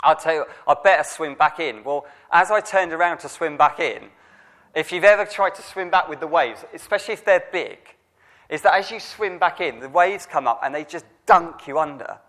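A man's voice: fairly high pitch, normal speed, fairly bright tone. A man preaching a sermon, telling a personal story in a conversational way with frequent restarts.

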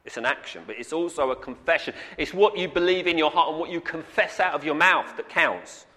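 Preaching with brisk delivery and a sharp, fairly high voice, this man is a pastor giving an earnest sermon that repeats itself and keeps returning to shouts of "amen." The sound carries a long reverb from a hall.

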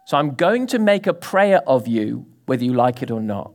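A man preaching a sermon to a congregation, animated and full of sudden rises and drops, often asking the listeners questions. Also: mid-range voice, moderate pace. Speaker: pastor.

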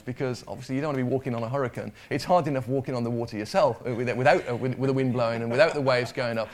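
A man's voice: mid-range voice, very fast, few pauses. Man preaching a conversational sermon. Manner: conversational, repeats words, asks the congregation questions.

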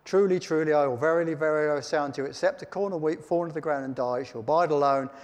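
A man's voice: on the high side, rapid-fire, a little mellow. A man preaching a sermon, reading Bible verses aloud and then explaining them in plain, chatty words. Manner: reads scripture aloud then comments in plain chat. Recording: long hall reverb.

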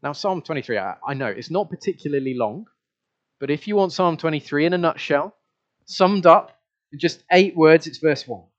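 A man with a fairly high, animated voice preaches at a moderate pace, keeping his sermon conversational by putting questions to the congregation and sometimes repeating himself. The recording is dull and lo-fi.

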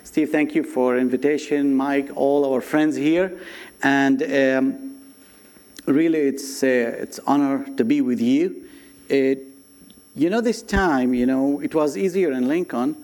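A man from Nazareth, speaking halting as a guest speaker giving his testimony and jokes in church. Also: fairly high pitch, darkish tone. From Nazareth, Israel. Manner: non-native English, joking storyteller with pauses. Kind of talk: testimony and humorous sermon in church.

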